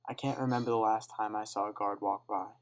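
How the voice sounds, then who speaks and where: A teenage boy reading a dark first-person school story aloud in a steady, subdued way. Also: lowish voice, brisk, low-quality recording. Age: teens. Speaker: student reader.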